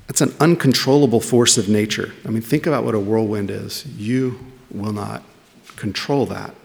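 A man's voice: lowish voice, moderate pace, creaky. A man preaching a sermon in a conversational way, putting questions to his listeners. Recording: long reverb of a large hall.

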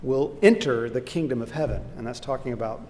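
A man teaching a Bible study lesson in an earnest, explanatory way, pausing with fillers and restarts. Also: a little mellow. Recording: echoey hall with faint rumble.

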